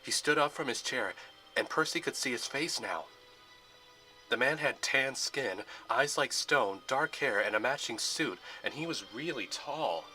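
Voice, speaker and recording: A man reads out a fan-made adventure film in a plain storytelling style. His voice is bright and sharp. His pitch sits in an ordinary middle range. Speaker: narrator.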